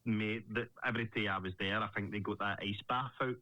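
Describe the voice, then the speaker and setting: A young Scottish Muay Thai fighter appears as a guest in a casual interview, telling stories animatedly and swearing freely. His voice is on the low side and fairly quick, and the recording has the highs cut off.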